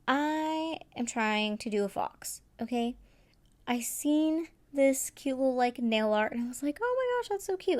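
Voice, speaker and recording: A woman's voice: fairly high pitch, no echo. A woman, chatting in a casual voice-over as she walks through her nail art and laughs at her own mistakes.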